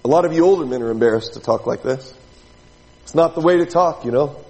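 A man's voice: fairly high pitch, quick pace, darkish tone, in a large hall, poor audio. A man preaching a sermon in a church, talking to the congregation in a conversational way and asking many rhetorical questions. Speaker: pastor.

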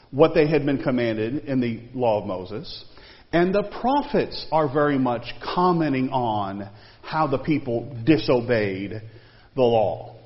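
A man teaching a Bible study class in a conversational way, quizzing his listeners with questions. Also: mid-range voice. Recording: long reverb, dull lo-fi sound.

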